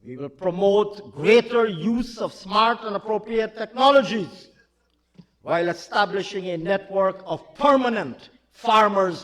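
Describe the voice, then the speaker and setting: A man delivering a budget speech in a parliament chamber, emphatic and repetitive, at times shouting. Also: high voice. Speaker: finance minister. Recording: long hall reverb in a large chamber.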